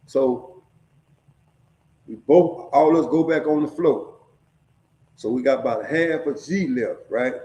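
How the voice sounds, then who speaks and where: A man's voice: medium pitch, slow, pauses often, mellow. A middle-aged man casually telling a story, streetwise and profane, often checking in with his listeners. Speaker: storyteller sharing prison stories. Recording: echoey room.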